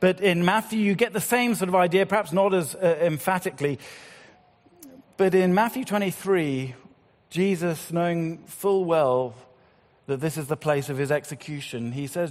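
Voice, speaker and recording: Preacher with a high voice in a reverberant hall. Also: male voice. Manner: rises and falls between loud appeals and hushed, slow passages. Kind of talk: sermon.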